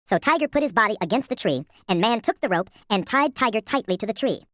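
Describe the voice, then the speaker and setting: Expressive woman narrating a children's story. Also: a little high, quick pace, no echo, studio quality. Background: music.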